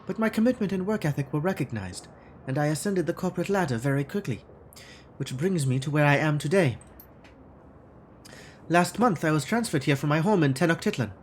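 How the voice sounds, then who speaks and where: A man voicing a guarded, formal corporate woman scientist in a put-on German accent, with clipped, measured speech. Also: a little high, lively intonation, slight background noise, lightly acted. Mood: grave. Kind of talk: video game dialogue read aloud.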